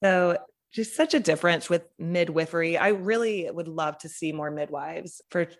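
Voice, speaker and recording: A woman's voice: fairly low pitch, moderate pace. A young woman, a podcast guest, telling a personal story in a chatty way, saying "like" often. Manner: chatty, heavy use of "like".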